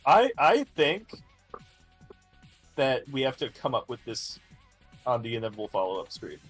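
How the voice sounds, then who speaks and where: A man's voice: medium pitch, moderate pace, slightly rough, soft background music. A man chatting as a guest on a livestream, enthusiastic and casual. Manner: enthusiastic, lively. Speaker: co-host, guest on stream.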